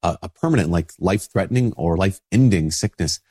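A priest with a stuffy nose from a cold, giving an informal spoken reflection with many restarts. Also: male voice, low voice, lively intonation, fairly quick, mellow, husky.

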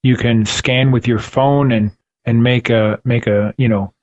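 A man's voice: medium pitch, fairly even intonation, measured pace, a little mellow, lo-fi sound. A man hosting a faith podcast, talking earnestly with a preacherly rhythm and repeated phrases for emphasis. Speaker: podcast host.

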